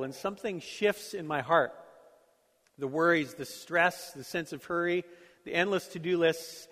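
Preaching with long hall reverb around him, a middle-aged male pastor tells stories in a conversational style and makes self-deprecating remarks about his life. He has a slightly high, somewhat bright voice.

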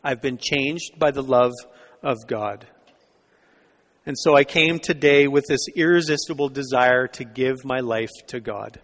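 A man acting out the quoted words of a rough, hostile man who has turned believer, loud and raised when agitated. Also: medium pitch, a little slow, natural voice. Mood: hushed. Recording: long reverb of a church hall.

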